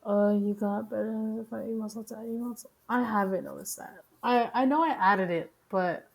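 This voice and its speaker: A woman streamer giving casual, profane commentary on the news, blunt and quick to laugh. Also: a little high, vocal fry.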